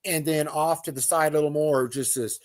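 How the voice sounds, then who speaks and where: A man with a somewhat high-pitched voice tells his story in a loose, rambling way. He restarts his sentences, uses plenty of fillers, and breaks into imitations of the calls and sounds he describes. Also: fairly even intonation, a little fast, slight background noise. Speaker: guest recounting an outdoor encounter. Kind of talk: casual spoken storytelling.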